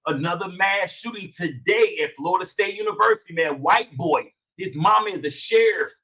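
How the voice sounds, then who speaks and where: Man, livestream host, slangy and profane, bright forceful tone, rapid-fire chat shout-outs. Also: high voice, distant mic.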